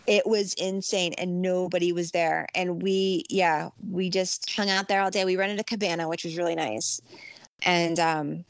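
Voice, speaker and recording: A middle-aged woman in casual conversation, telling her story with lively energy and now and then jumping into a high voice for the lines she quotes. Her voice sits at a medium pitch and is recorded dry and close, with little room sound. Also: normal speed, dry recording. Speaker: guest recounting a theme park trip. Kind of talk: casual chat.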